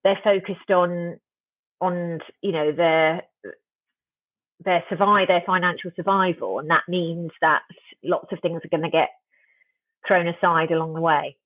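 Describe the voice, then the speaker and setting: A woman's voice: on the low side, steady tone, measured pace, pauses often, dry recording. A woman, a guest author, talking reflectively in an interview, often restarting her sentences. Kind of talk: conversational interview. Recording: tinny dry phone line.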